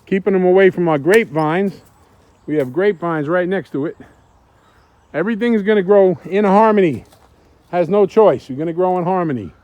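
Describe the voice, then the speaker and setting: A man's voice: high-pitched, normal speed, dry recording, phone-quality sound. A man chatting enthusiastically while working outdoors in his garden, recorded on a camera held by a helper. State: out of breath at times. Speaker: homestead vlogger. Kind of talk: casual garden vlog.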